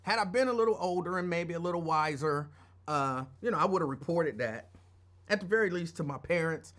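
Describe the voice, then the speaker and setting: Middle-aged man, show host, casual storytelling, digressive, slightly higher voice. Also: expressive, brisk, a bit bright. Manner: rambling, digressive, conversational.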